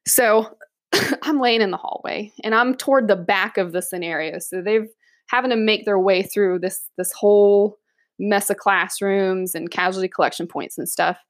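A woman police officer is chatting casually about a funny incident from work, speaking at normal speed in a mid-range voice with no echo. She tells it in an animated way, laughing often and acting out other people's voices.

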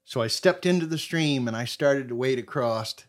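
A man from Maine, a podcast guest, telling a hunting story in a casual, animated way, his voice swinging between loud and soft. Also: medium pitch, normal speed.

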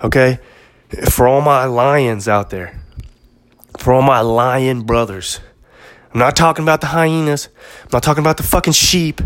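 A man hosting a podcast, delivering an impassioned, profane monologue that sometimes drops to a hush for storytelling. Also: medium pitch, normal speed, pauses often. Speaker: podcast host. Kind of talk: monologue rant.

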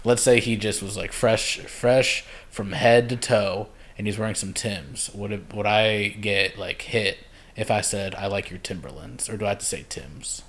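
A man's voice: fairly low pitch, steady tone, unhurried, a bit bright. A man from Chicago hosting a casual podcast chat, laid-back and laughing often. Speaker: podcast host.

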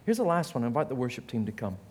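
A man's voice: mid-range voice, racing, slightly rough. A man with an Australian accent preaching a sermon as a pastor, telling funny family stories and acting out voices as he goes. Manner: animated storytelling, acts out quotes in a raised voice; self-mocking humor, laughs while telling stories.

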